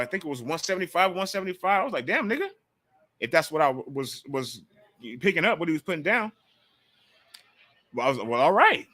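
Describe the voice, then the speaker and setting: A man hosting a casual call-in sports talk livestream, talking in an animated, profane way on a close mic. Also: fairly high pitch, no echo. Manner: animated, profane, jumps into mocking quotes. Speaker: call-in show host.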